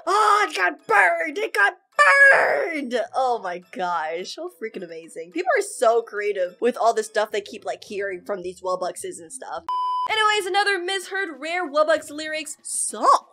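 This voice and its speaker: A woman's voice: fairly high pitch, lively intonation, moderate pace, fairly bright tone. A young woman giving casual, giggly reaction commentary as a YouTuber, often breaking into laughter. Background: game music clips.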